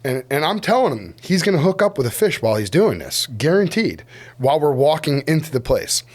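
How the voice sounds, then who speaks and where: A man's voice: fairly high pitch, sing-song, a little fast, a little mellow. A man from the United States telling fishing stories in casual podcast chat, laughing often and acting out what other people said. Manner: storytelling, laughing, acts out other voices. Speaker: podcast guest, fishing guide.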